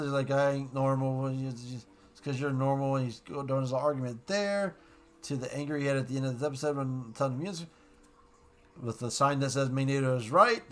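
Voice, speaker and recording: A man casually recapping and reviewing a cartoon episode, rambling and excited, dropping quick quotes of the characters. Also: medium pitch.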